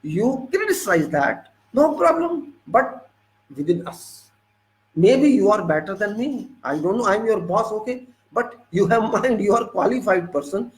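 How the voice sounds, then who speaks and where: Emphatic Indian engineer lecturing. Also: male voice, high-pitched, unhurried, poor audio. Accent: Indian English. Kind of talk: lecture-style monologue.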